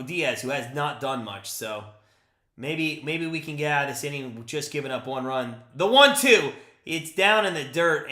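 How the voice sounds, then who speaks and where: Young male fan streamer, live play-by-play, high bright voice, echoey room, chatty and excitable. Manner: excitable, talks to chat, swings between hype and frustration.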